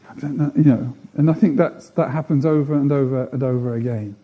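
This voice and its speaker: A man's voice: mid-range voice, fairly even intonation, brisk, phone-quality sound. A man preaching a sermon, earnest, building emphasis through repeated phrases.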